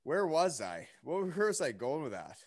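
A man's voice: fairly high pitch, very animated, moderate pace, no room sound, studio quality. A young man telling a story in casual chat, rambling with lots of fillers and asides. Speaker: podcast guest.

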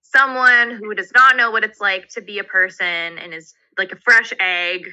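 A woman co-hosting a podcast, reading a passage aloud and then thinking out loud tentatively, with many "like"s. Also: medium pitch, moderate pace, poor audio. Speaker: podcast co-host. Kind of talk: reading aloud and casual discussion.

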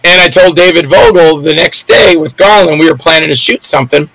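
A man's voice: fairly high pitch, fairly quick, gravelly, crowd noise, poor audio. An older man, an actor, telling rambling anecdotes in a casual interview and acting out the voices of people in his stories.

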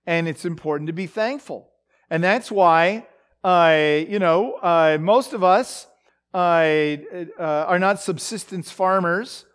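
Male Bible teacher, high voice, slow deliberate delivery, halting with fillers. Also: a bit bright. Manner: halting, many fillers and restarts. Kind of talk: sermon-style Bible teaching.

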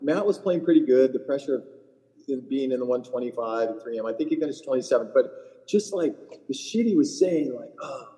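A man's voice: mid-range voice, lively intonation, a little fast, dark tone, in a large hall, low-quality recording. A middle-aged man, a caddie co-hosting a podcast, telling stories in blunt, profane casual chat. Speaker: PGA Tour caddie, podcast co-host.

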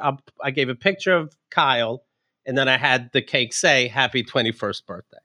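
This podcast co-host has a mid-range voice and a moderate pace, captured cleanly in the studio without echo. Animated and quick to laugh, he tells a comic story and performs everyone else's dialogue himself.

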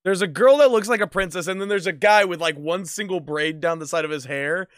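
A man's voice: sits high, brisk, no room sound, clean studio sound. A man co-hosting a podcast in casual chat, laughing often and repeating words in bursts. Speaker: podcast co-host.

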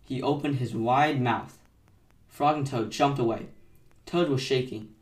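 A man gently reading a children's bedtime story aloud, recorded in an echoey room from a distance. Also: mid-range voice, unhurried. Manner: gentle, soft-spoken narration. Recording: echoey room, mic set far off.

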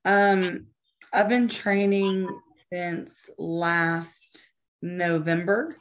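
A woman's voice: fairly low pitch, steady tone, extremely slow. A woman in her twenties, a professional wrestler, answering interview questions in a matter-of-fact way. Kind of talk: casual interview chat.

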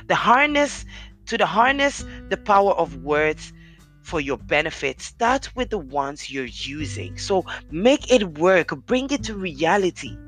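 Podcast host, deep commanding voice, earnest motivational talk, encouraging, faint background music. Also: a bit bright. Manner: earnest, encouraging, speaks straight to listeners.

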